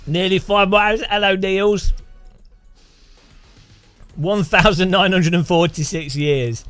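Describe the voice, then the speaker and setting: A man's voice: high voice, fairly even intonation, slow pace, fairly bright tone, smooth, faint music behind. Jokey man chatting on a game stream. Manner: jokey, rambling, laughs often. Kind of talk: casual livestream chat.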